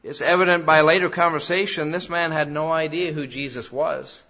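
A man's voice: on the high side, steady tone, normal speed, sharp tone. A man preaching a sermon in an earnest way that rises to emphatic peaks. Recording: dull lo-fi sound.

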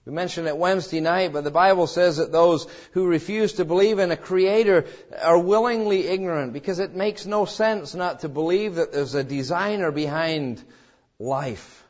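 A man preaching a sermon as pastor, swinging between calm teaching and dramatic, acted-out quoted cries. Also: on the high side, moderate pace, dull audio. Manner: preaching with dramatic rises, voicing quoted cries and God's words.

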